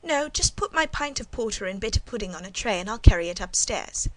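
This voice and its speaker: A woman voicing a composed, guarded middle-aged servant woman in an audiobook, speaking in a cool, measured, demure way. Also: medium pitch, expressive, lightly acted, low-quality recording. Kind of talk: audiobook reading.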